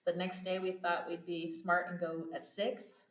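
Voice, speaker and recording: A woman's voice: fairly low pitch, flat delivery, unhurried. A woman hosting a podcast, chatting casually and telling stories with frequent laughter. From United States. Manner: chatty storytelling, laughs often. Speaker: podcast host. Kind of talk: casual chat. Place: home abroad, indoors. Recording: echoey room.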